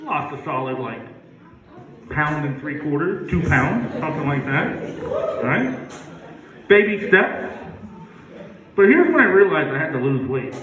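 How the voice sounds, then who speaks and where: A man doing a stand-up comedy set at a campground, playfully spelling words out loud for laughs. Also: on the high side, very animated, unhurried, pauses often, a crowd in the background. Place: outdoor campground stage. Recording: echoey, distant, muffled live recording.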